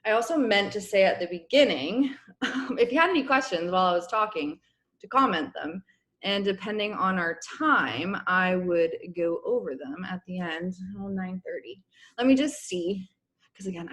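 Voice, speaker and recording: A young woman coaching her business team on a casual video call, chatty and encouraging, clearing her throat as her voice wears out. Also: mid-range voice. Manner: chatty, encouraging, many fillers. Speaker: network marketing coach.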